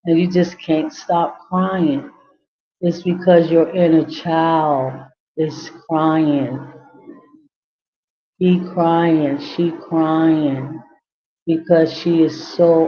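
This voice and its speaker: A middle-aged woman who works as a community care advocate, speaking to her audience in a slow, comforting, repetitive way. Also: low-pitched, lo-fi sound. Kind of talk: slow heartfelt talk to camera.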